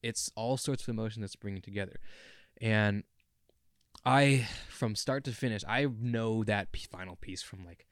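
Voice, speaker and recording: Young guy rambling earnestly on a podcast, kinda low voice, dry close sound. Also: moderate pace, no room sound. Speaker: podcast co-host. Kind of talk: casual chat.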